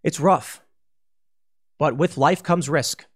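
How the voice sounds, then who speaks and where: A man's voice: a little high, slow pace, husky. A man hosting a political commentary monologue, blunt and argumentative, often acting out mocking voices. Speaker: host.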